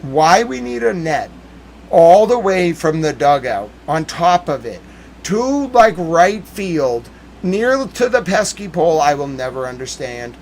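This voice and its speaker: A man's voice: fairly high pitch, very animated, a little slow, slight background noise, low-quality recording. A young man ranting in an exasperated, heated way as host of a casual talk stream. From Boston area, United States. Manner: heated, exasperated rant with frequent swearing and shouting.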